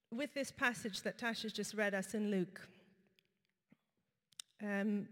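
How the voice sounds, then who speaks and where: A woman preaching a sermon, telling a personal story in a conversational way with frequent pauses and fillers. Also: medium pitch. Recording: reverberant hall.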